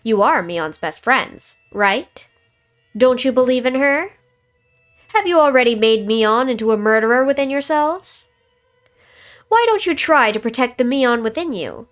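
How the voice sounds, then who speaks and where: Female streamer, dramatic game read-aloud, taunting villain tone, very lively pitch, light music under. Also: unhurried. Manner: menacing, taunting villain narration.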